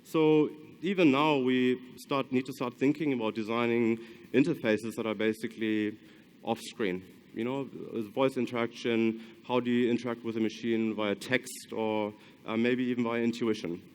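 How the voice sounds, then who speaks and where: A man's voice: medium pitch, fairly even intonation, moderate pace, clear, resonant tone. Hesitant man with a German accent. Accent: German with some Australian. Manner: hesitant, many ums and restarts. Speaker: conference speaker. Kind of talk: conference talk. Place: conference hall.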